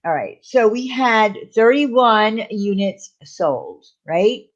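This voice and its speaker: A woman's voice: mid-range voice, very animated, takes it slowly, highs cut off. A woman hosting a casual livestream, talking in a rambling way with lots of fillers and restarts. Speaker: channel host.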